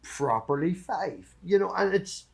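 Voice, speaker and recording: A man's voice: high-pitched, animated, unhurried, vocal fry, a little hiss or hum. A man hosting a livestream, chatting casually in a blunt, sweary way. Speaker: stream host.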